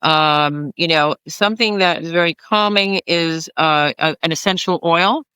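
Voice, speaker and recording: Bright, smooth-voiced doctor on a panel. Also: medium pitch, unhurried, no echo, rough recording. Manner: informal, explains by listing examples. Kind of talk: panel discussion.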